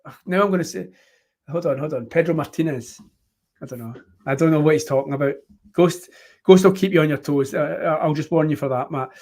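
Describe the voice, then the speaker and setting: A man's voice: a little high, a little fast, a little mellow. A man hosting a casual live-stream chat, rambling with many ums and fillers. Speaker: host.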